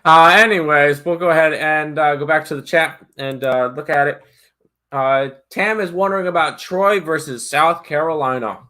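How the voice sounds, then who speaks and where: Male stream co-host, bright, a bit high, easygoing and filler-heavy. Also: moderate pace. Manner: relaxed, many fillers, reads viewer questions. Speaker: sports betting co-host reading chat. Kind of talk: casual live-stream chat.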